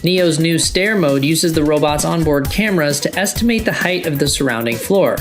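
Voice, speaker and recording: News voice reading a tech report, steady and even, music playing under it. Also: mid-range voice, normal speed. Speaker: news narrator. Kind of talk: scripted news narration. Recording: news clip over clear music.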